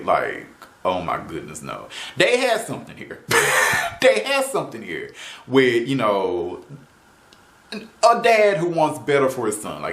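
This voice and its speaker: A man's voice: mid-range voice, fairly bright tone. A man giving a casual opinion rant on a show, exasperated and often laughing, tossing in "man" and "right?". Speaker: video reviewer. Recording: roomy echo.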